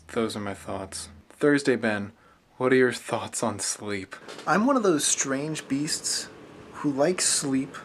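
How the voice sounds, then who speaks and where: A man's voice: medium pitch, a little mellow. A young man talking through his thoughts in a casual, rambling vlog monologue, recorded on a camera mic.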